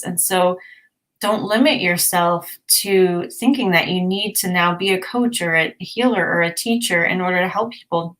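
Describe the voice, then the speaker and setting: A woman's voice: lowish voice, fairly bright tone. A woman co-hosting a casual chat, speaking earnestly and encouragingly. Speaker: co-host.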